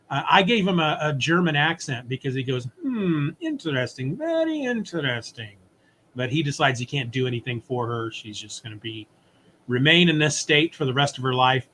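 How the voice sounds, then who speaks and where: A man's voice: fairly high pitch, slight background noise. A man co-hosting a podcast, casually and animatedly retelling a comic story and briefly acting out its characters. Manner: animated retelling, voices characters in quick asides. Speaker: podcast co-host. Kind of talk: casual comic recap chat.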